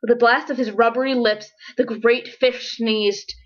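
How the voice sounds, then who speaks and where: Woman storybook reader, expressive read-aloud, somewhat high voice, muffled lo-fi recording. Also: a little slow. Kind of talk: children's picture-book read-aloud. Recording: dull lo-fi recording.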